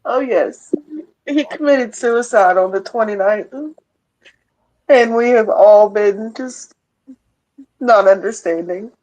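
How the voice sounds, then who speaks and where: A woman calling in to a live reading. She answers in short, quiet replies, heard through remote call audio. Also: mid-range voice, takes it slowly, long pauses, poor audio. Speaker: caller getting a reading.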